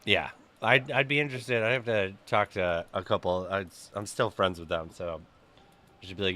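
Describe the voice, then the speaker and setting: Young male gaming streamer, bright punchy voice, profane and lively. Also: deep voice, normal speed. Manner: profane, animated storytelling. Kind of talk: casual stream chat.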